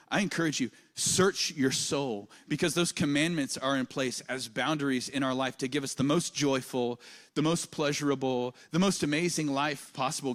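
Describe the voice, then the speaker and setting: A male pastor, preaching a sermon with animated storytelling and big swings in pitch and loudness. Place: church auditorium.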